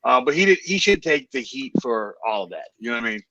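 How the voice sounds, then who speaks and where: A man's voice: medium pitch, very animated, quick pace, bright, forceful tone, no echo, lo-fi sound. A man co-hosting a live bodybuilding watch party, speaking in a blunt, slangy, emphatic way. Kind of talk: casual live-stream chat. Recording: dry sound from a distant mic.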